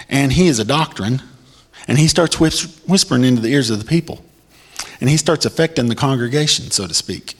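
A man preaching a sermon, reading scripture and commenting on it emphatically, his voice climbing high in excitement and now and then breaking into a shout. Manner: emphatic, pitch swings high when excited.

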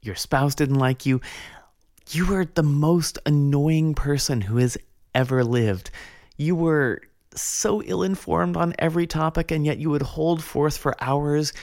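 A man voicing an old male desert monk who speaks slowly and mock-solemnly to a corpse, as if teaching a lesson. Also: fairly high pitch, a little mellow, no room sound, clean studio sound, pitched above the performer's own voice. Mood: mock scorn.

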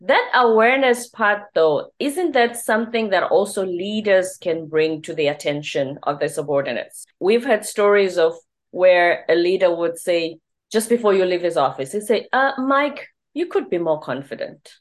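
A woman's voice: lowish voice, lively intonation, normal speed. A woman hosting an interview, giving short affirmations and asking follow-up questions. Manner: short affirmations, laughs along, asks follow-ups. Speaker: podcast host.

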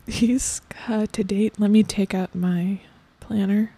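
Woman playing a halting, weary stage guardian. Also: mid-range voice, fairly even intonation, dark tone, slightly rough, no echo. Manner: halting and hesitant, full of ums, drops to a whisper. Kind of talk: improvised comedy interview character.

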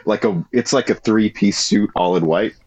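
A man's voice: lowish voice, moderate pace, crowd noise. A man hosting a podcast, chatting casually and rambling as he searches for words. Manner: rambling, searching for words, mock-grandiose intro. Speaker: podcast host.

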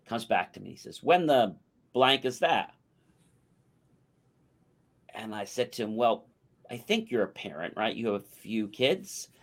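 At a moderate pace and in a lowish voice, a podcast co-host tells a long personal story on a talk show. He animates the casual anecdote by acting out the quotes.

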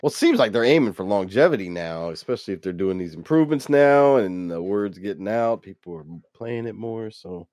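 A man co-hosting a casual podcast chat, chiming in quickly and swearing casually. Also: fairly low pitch, animated, a little mellow, no echo, clean studio sound. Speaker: podcast co-host.

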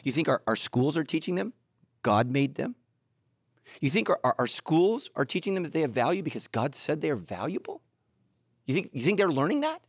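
A middle-aged man preaching a sermon, telling stories animatedly, moving between loud excitement and low, earnest intensity. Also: brisk, slightly rough, no room sound, clean studio sound. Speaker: pastor.

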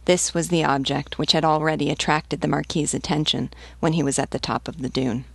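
A woman reading a novel aloud as a teacher, in a measured, even storytelling manner. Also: sits low, vocal fry, breathy edge, no room sound.

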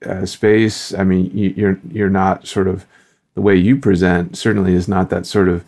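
A man's voice: low voice, little pitch movement, normal speed, a little mellow. A man co-hosting an interview, asking questions with many restarts. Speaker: co-host.

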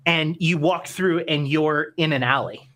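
A woman with a notably low, deep voice runs a tabletop game as its game master. She narrates loosely, wandering through her sentences with plenty of fillers along the way. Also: unhurried. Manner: relaxed, meandering narration with fillers.

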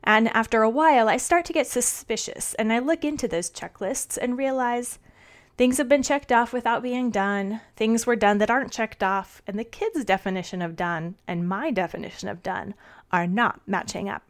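A woman's voice: a little high, moderate pace. A middle-aged woman reading her audio blog as a podcast host, cheerful and earnest.

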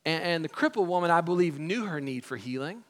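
A young man with a high voice preaches to his congregation. He talks casually and now and then acts out the people in the story. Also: animated, a little fast, a bit bright. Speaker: pastor. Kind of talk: sermon.

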